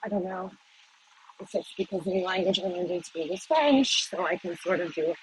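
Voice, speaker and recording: A woman's voice: lowish voice, normal speed, breathy edge, rough recording. An American woman vlogging casually while walking city streets, rambling and self-deprecating, recorded on a phone. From United States.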